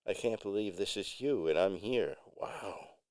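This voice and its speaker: Give me an excitable woman customer with a stammer and crisp, slow speech, as a man puts her on. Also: on the low side, dry recording. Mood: starstruck. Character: customer woman, eager, starstruck, insistent.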